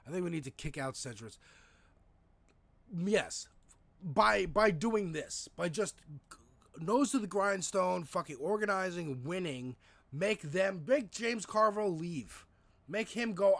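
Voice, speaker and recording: A man's voice: high voice, lively intonation, takes it slowly, creaky, a bit bright. A man co-hosting a casual political livestream, talking in a profane, rambling way with frequent restarts. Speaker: livestream co-host. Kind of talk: casual political talk stream.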